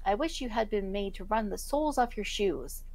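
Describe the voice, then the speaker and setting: A woman voicing an ill-tempered little male dwarf with a shrill, scolding manner. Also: lively intonation, moderate pace. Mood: outraged.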